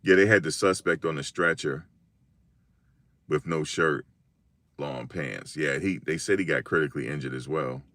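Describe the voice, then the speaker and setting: A man from Virginia hosts a casual live stream. His voice sits very low, and he talks in slang, acting out the lines of the people in his stories. The sound is dry and close. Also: moderate pace, pauses often, no echo. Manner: animated slangy storytelling, acts out quotes.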